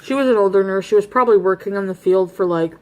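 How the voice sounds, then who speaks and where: A woman's voice: mid-range voice, fast talker. Woman eating through a confessional storytime. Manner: chatty and confessional, eating between sentences. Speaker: mukbang vlogger. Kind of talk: casual storytime while eating.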